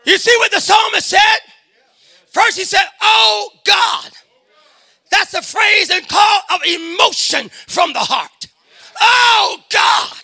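A man preaching a fervent sermon to a congregation in a church, shouting his words and breaking into hallelujahs and amens. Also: very high voice, slow, gravelly. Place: church sanctuary before a congregation.

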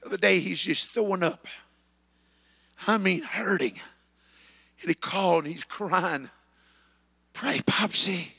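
A man preaching a sermon, punctuating with amens and rising to shouted peaks. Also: sits high, a little slow, vocal fry, pauses often, slightly rough, big-room sound. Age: 50s. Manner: builds to shouted climaxes, chanting amen.

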